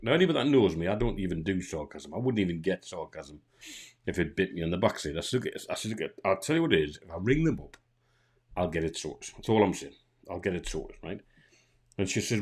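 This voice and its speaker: A man's voice: low voice, big pitch swings, quick pace, darkish tone. A man with a Geordie accent, co-hosting a casual streamed chat and telling a long anecdote, acting out both sides of a phone call and often restarting his sentences. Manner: rambling storyteller who acts out both sides of phone calls, with frequent restarts. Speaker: co-host.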